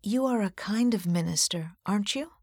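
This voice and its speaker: A woman's voice: medium pitch, moderate pace, mellow, dry recording, clean studio sound, pitched above the performer's own voice, lightly acted. A woman reading aloud, voicing a timid, earnest young girl who pleads for help. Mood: earnest pleading. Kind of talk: audiobook character voice.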